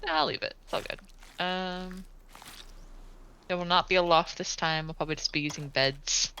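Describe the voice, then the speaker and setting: A woman's voice: fairly low pitch, fairly even intonation, moderate pace, pushed and bright, a little hiss or hum, rough recording. A woman hosting a live game stream, chatting casually and offhandedly with friends while building, now and then swearing. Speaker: streamer host. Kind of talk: casual chat while gaming.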